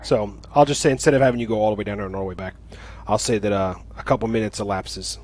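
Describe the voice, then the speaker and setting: A man's voice: fairly low pitch, fairly even intonation, quick pace, crowd noise. A man narrating as game master of a tabletop game, laid-back, with fillers and easy laughs.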